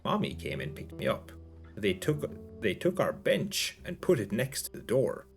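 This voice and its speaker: A man's voice: medium pitch, wildly swooping pitch, moderate pace, vocal fry, faint music behind. A man voicing a young woman with a child's mind who speaks in short, simple, childlike sentences, read aloud as a story. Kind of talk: audiobook-style reading.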